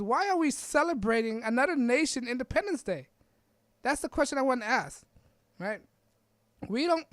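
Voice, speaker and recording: A woman with a fairly high voice hosts a podcast monologue, pressing her points with repeated rhetorical questions. Her delivery is emphatic, and she often tags a line with a quick check for agreement. The sound is close and dry, with no room echo. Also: fairly bright tone. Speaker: podcast host. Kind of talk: opinion monologue.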